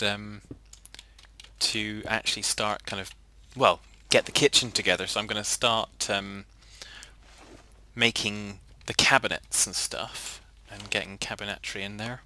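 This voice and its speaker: Male gamer, low but bright voice, jokey and chatty. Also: fairly even intonation, measured pace. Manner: playful, jokey, laughs often. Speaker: player. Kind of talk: casual gaming chat.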